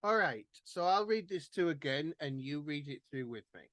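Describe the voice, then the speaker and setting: A man, teaching a Gaelic song workshop over a video call and reading the words slowly and carefully, one at a time. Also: fairly high pitch, expressive, a bit bright, no room sound. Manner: slow, careful word-by-word pronunciation. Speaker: Gaelic language tutor. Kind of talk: online workshop teaching pronunciation. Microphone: computer microphone on a video call.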